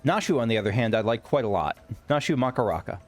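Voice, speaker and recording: A man's voice: medium pitch, expressive, fast, faint music behind. A man giving casual let's play commentary, rambling and correcting himself with wry asides.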